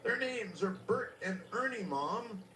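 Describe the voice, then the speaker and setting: A man reading aloud as a worried young boy, lifting his voice high for the boy's lines. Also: animated, unhurried, pushed and bright, full character voice. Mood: urgent. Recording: roomy distant radio recording with faint hiss.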